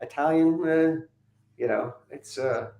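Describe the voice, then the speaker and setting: A man's voice: fairly high pitch, takes it slowly, gravelly, dark tone. A man chatting casually as a podcast guest, laid-back and chuckling, with lots of ums and uhs. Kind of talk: casual chat. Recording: roomy echo.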